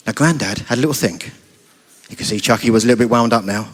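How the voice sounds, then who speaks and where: A man's voice: mid-range voice, fast talker. A man with a British accent telling a playful story at a family church service, often asking the children questions. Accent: British English.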